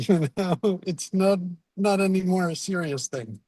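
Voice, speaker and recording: A man's voice: sits high, steady tone, moderate pace, a little mellow, dry recording. A man hosting a reading group on a video call, chatting in a rambling way with frequent restarts. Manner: rambling, laughing, restarts sentences. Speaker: organizer and host of a reading group. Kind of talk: casual wrap-up chat.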